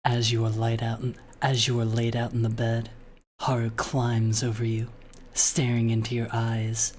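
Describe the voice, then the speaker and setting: A man putting on a hushed, sultry low murmur, whispered role-play. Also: completely flat delivery, slight background noise, lightly acted. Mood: mock sultry. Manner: slow, hushed, mock-seductive. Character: low sultry close-up version of the streamer himself. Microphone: very close to the mic.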